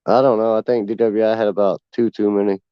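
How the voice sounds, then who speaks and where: A man's voice: lowish voice, level tone, fast, clean tone, no echo. A man, chatting casually on a livestream with crude, laid-back humor. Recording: dull dry lo-fi mic.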